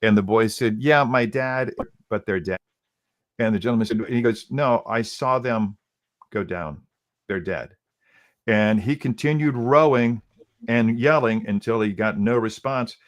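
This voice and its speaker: A middle-aged radio host tells a story in a low, relaxed voice. He quotes the people in it again and again with "he goes" and often restarts his sentences. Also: measured pace. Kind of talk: casual storytelling.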